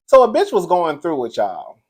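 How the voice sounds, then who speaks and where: A man's voice: on the high side, huge pitch swings, moderate pace, breathy edge. Campy chatty man, says "girl" a lot. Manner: laughs often. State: grieving. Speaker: commentary channel host. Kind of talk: casual live-stream chat.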